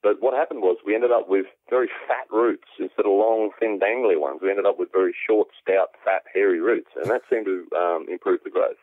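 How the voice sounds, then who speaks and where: A man with an Australian accent, an aquaponics specialist, explaining things at length in a relaxed way with many ums, heard over a phone call. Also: on the low side, fairly quick, hardly any pauses, dry recording. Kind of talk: explanatory interview answers. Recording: tinny phone line, dry.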